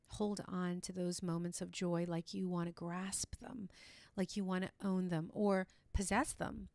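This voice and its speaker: A woman's voice: mid-range voice, darkish tone, dry recording. A woman hosting her own podcast, talking earnestly and encouragingly, with many restarts and asides. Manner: earnest and encouraging, with frequent restarts and "you know". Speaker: podcast host. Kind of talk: motivational solo podcast talk.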